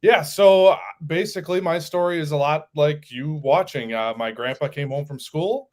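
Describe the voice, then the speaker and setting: A man's voice: on the high side, normal speed, a little mellow. A man from Wisconsin with a Wisconsin accent, a show producer chatting in a friendly way and laughing easily. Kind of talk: casual chat.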